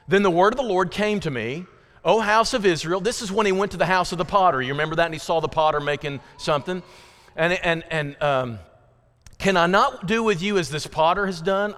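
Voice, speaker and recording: A pastor preaches a sermon and reads scripture dramatically, swinging between loud pleading and hushed emphasis. His voice is high, and the sound has a long reverb tail.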